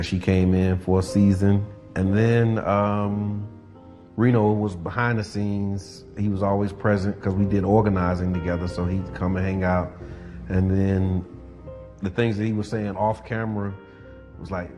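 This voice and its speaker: Deep chill guy hosting a community show, soft guitar music under him. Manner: easygoing, reflective, many fillers. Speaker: podcast host. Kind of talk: casual interview talk.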